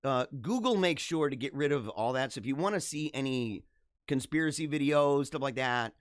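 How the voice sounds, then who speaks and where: A man hosting a live show, giving casual, jokey commentary in an animated, ranting way and laughing often. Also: medium pitch, moderate pace, clear, resonant tone, no echo, clean studio sound.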